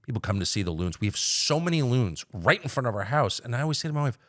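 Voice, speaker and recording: A middle-aged man, a podcast guest, talking candidly and wryly, dropping to low mutters and then jumping up in loud bursts. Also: sing-song, fast talker, no room sound, studio quality. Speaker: podcast guest, political commentator. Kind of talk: casual conversation.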